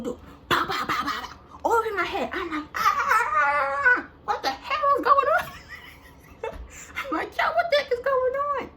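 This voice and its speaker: A woman vlogger telling a casual storytime in an animated, slangy, rambling way, full of fillers. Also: fairly high pitch, a little hiss or hum. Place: indoors, standing.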